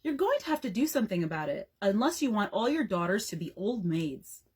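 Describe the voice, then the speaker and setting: A woman's voice: medium pitch, sing-song, brisk, darkish tone, husky. A woman reading aloud as an exasperated teenage girl who complains theatrically.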